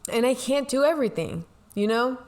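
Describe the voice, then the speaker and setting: A woman's voice: a little high, lively intonation, a little fast, a little mellow. A young woman co-hosting a talk show, telling a personal story in a rambling, casual way, full of "like" and "you know.". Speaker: podcast co-host, pastor's kid. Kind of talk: casual confessional chat.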